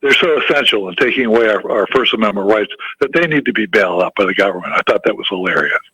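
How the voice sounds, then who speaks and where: Husky, halting male radio caller. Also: fairly low pitch, lively intonation, bright, forceful tone, dry recording, low-quality recording. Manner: halting, stumbling restarts. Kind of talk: casual call-in chat.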